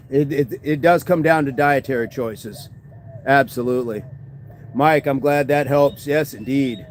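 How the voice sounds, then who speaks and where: A man's voice: mid-range voice, darkish tone, a little hiss or hum. A man hosting a fitness livestream, chatting casually and answering viewer comments, often agreeing with "absolutely".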